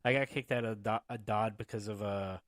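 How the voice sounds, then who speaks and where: A man in casual podcast talk, cursing his way through rowdy stories. He jumps into loud, shouted impressions of the people in them. The sound is dry and close, with no room echo. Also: on the low side, a little fast. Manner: profane, animated storytelling with shouted impressions. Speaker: podcast host. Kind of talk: casual chat.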